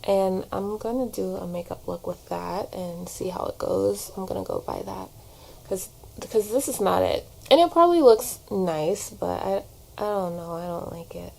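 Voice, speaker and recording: This vlogger and actor's voice is mid-range, gravelly and darkish as she rambles at a moderate pace through a casual get-ready-with-me, filling gaps with "like" while she does her makeup at home. Picked up by a shelf-propped camera, the recording is rough, with a little hiss or hum.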